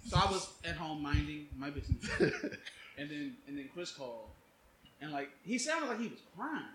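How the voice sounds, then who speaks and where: A young man telling a story on a podcast in an animated way, laughing as he goes. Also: fairly high pitch, normal speed, reverberant, crowd noise, low-quality recording. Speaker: podcast co-host. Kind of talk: casual chat.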